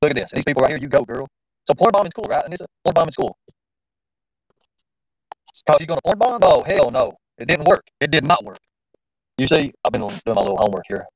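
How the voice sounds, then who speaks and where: A man's voice: a little high, animated, fast talker, pauses often, dry recording, poor audio. A man hosting a casual live stream, rambling and informal, often talking to himself as he works the screen. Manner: rambling, talks to himself while fiddling with the stream; informal, slangy. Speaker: livestream host.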